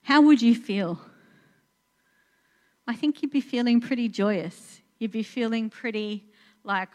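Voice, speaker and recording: A woman's voice: fairly high pitch, measured pace, pauses often, a little mellow. A woman, preaching a sermon in an earnest, conversational way with many fillers and restarts. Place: church in Portugal.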